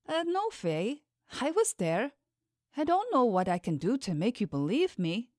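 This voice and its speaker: A woman's voice: fairly high pitch, big pitch swings, unhurried, darkish tone, no room sound, clean studio sound, voice pushed up. A woman voicing a timid, frightened young servant woman in an audiobook, pleading and apologetic in a raised, anxious voice. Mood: fearful pleading. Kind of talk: audiobook character voice.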